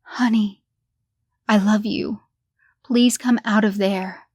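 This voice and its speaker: A woman's voice: medium pitch, steady tone, takes it slowly, a little mellow, breathy edge, no echo, studio quality. A woman voicing a desperate middle-aged mother in a horror story reading, pleading and strained.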